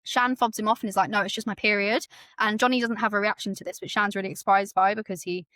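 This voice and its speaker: A woman's voice: medium pitch, fast, dry recording. Chatty woman retelling a book. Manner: animated retelling, acts out quotes, many fillers. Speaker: book podcast host. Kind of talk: casual book recap chat.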